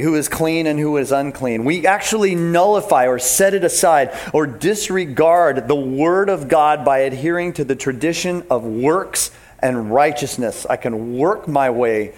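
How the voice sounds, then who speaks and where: A man preaching a sermon as pastor, animated and emphatic, talking straight to his congregation. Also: a little high.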